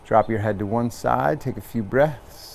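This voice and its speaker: A man's voice: medium pitch, measured pace, creaky, a little mellow, slight background noise. An American man from Long Island, a yoga teacher talking earnestly and rambling with many restarts before guiding a class. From Long Island, New York. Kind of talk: casual yoga class talk.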